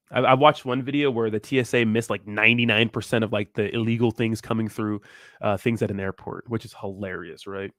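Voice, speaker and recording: A man's voice: on the low side, a bit bright, no room sound, clean studio sound. Crude joking crypto streamer man. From Southern California. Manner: crude, joking, rambling, laughs often. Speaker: crypto livestream host. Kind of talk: casual livestream chat reading viewer comments.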